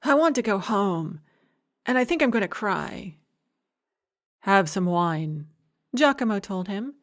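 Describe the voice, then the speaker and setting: A woman reading a fantasy novel aloud as audiobook narrator, giving every character the same gentle reading with only slight voice changes. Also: medium pitch, big pitch swings, slow. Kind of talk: scripted narration.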